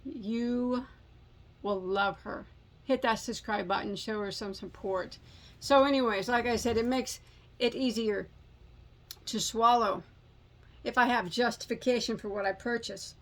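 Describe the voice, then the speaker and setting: A woman's voice: on the high side, measured pace, long pauses. Chatty self-mocking woman in her forties. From United States. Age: 40s. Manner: rambling, self-mocking, jokey. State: slightly out of breath. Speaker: crochet channel host. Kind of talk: casual chat.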